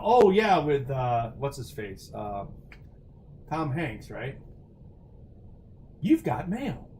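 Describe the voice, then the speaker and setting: A man's voice: mid-range voice, darkish tone. A man hosting a charity livestream, answering viewer chat in a loose, rambling way with lots of fillers and restarts.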